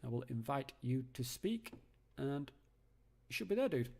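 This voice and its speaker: Hosting a live call-in stream from his home, a man chats casually and rambles with plenty of fillers and restarts. His mid-range voice is gravelly and mellow, swinging widely in pitch at a normal speed.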